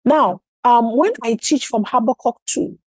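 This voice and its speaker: A woman's voice: on the high side, a little slow, slightly rough, no echo, low-quality recording. A woman preaching a sermon in church, firing rhetorical questions and acting out short scenes. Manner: emphatic, asks rhetorical questions, acts out little scenes.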